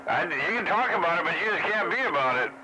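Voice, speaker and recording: A man's voice: high voice, animated, fast talker. A man trading crude insults with another operator in CB radio banter, swearing heavily. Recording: noisy CB radio.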